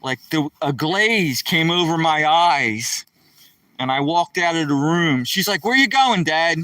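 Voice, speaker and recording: A man's voice: a little high, measured pace, sharp tone, no echo, distant mic, low-quality recording. A man telling a rambling story to live-stream viewers while walking outdoors in the woods, talking to viewers by name.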